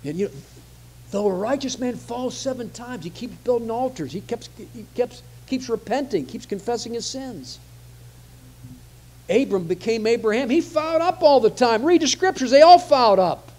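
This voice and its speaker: A man's voice: very high-pitched, lively intonation, normal speed, a little mellow. A man preaching a conversational sermon, often repeating phrases for emphasis.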